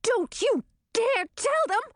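A woman's voice: fairly high pitch, sing-song, a little slow, no room sound, clean studio sound. A woman voicing a haughty, bossy teenage princess who talks down to her sister. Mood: indignant. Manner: condescending, chattering.

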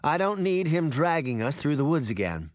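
A man doing a calm, careful mother. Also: a little high, normal speed, no room sound, clean studio sound. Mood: serious. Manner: calm, reassuring.

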